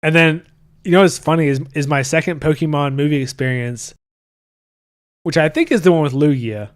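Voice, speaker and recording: A man's voice: on the high side, moderate pace, pauses often, clear, resonant tone. A man in his thirties hosting a podcast, chatting casually and reading viewer comments in a loose, profane way. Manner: loose and profane, with frequent restarts. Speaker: podcast host.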